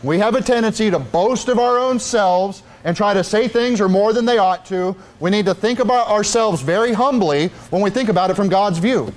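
A middle-aged man preaching a sermon in an emphatic, repetitive style with rhetorical asides. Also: sits high.

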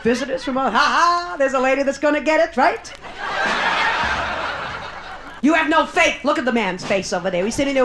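A woman's voice: high voice, lively intonation, fairly quick, long pauses, noisy background. A woman doing bawdy live stand-up comedy in a Las Vegas showroom, teasing the audience with brassy banter. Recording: roomy live club recording, loud crowd.

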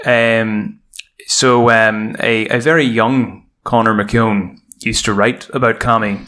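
A man's voice: on the low side, fairly even intonation, takes it slowly, bright, forceful tone. A Northern Irish man hosting a podcast, explaining in a rambling, self-deprecating way. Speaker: podcast host. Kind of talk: casual chat.

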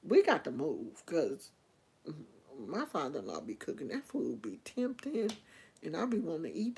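A woman's voice: deep voice, wildly swooping pitch, moderate pace, vocal fry, a little mellow, husky. A woman vlogger in casual chat, rambling and opinionated as she talks to her viewers.

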